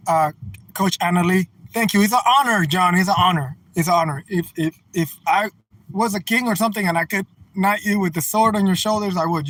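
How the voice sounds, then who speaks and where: High-voiced man rambling earnestly. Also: fairly bright tone, low-quality recording. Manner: folksy and slangy. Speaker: live streamer. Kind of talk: casual livestream chat, reading out viewer comments. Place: in a car while driving.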